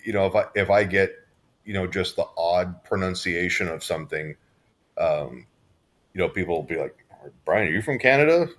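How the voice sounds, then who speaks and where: A man's voice: deep voice, steady tone, moderate pace. A man from Southern California, co-hosting a podcast in casual chat, rambling with restarts and fillers. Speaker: podcast co-host.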